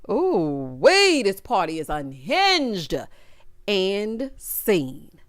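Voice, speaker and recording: A woman's voice: medium pitch, wildly swooping pitch, extremely slow, no room sound, studio quality. A woman hosting a casual reality TV recap, talking sassy and slangy with dramatic asides to her viewers.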